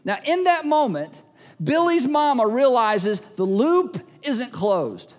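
A man's voice: very high-pitched, big pitch swings, slow pace, big-room sound. A male pastor preaching a sermon, emphatic and repeating key phrases, now and then acting out little everyday scenes.

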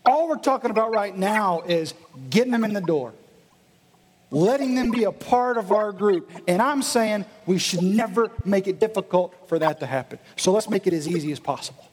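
High-voiced pastor preaching in an echoey gym. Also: male voice, normal speed. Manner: animated, acts out voices of listeners. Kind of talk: sermon. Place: church meeting in a gym. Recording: echoey hall.

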